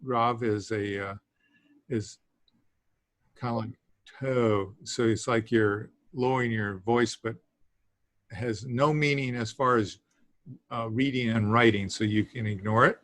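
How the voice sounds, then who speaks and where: A man teaching a beginners' language class, talking haltingly with many fillers and small laughs. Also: mid-range voice, steady tone, a bit bright, no room sound. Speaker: Greek teacher. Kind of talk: classroom lesson.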